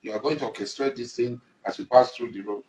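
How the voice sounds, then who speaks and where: A man's voice: medium pitch, steady tone, quick pace, darkish tone, reverberant, a little hiss or hum, rough recording. A middle-aged Nigerian man in a confrontational public address, accusing and emphatic, repeating lines for force. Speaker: traditional ruler and political figure.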